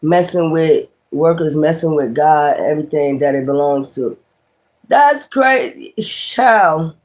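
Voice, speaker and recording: A man's voice: a little high, a little slow, a little mellow. A man giving a casual tarot reading, talking in a profane, exclamatory, rambling way. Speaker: tarot reader.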